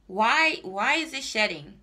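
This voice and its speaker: A woman's voice: on the high side, very animated, unhurried, pushed and bright. A young adult woman giving a casual, exasperated product review to her viewers, repeating herself and swearing. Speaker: hair reviewer vlogger.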